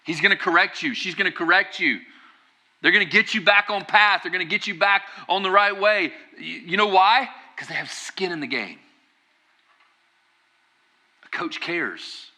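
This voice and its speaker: A man's voice: sits high, normal speed, pushed and bright. A man preaching a conversational sermon as pastor, building to emphatic bursts.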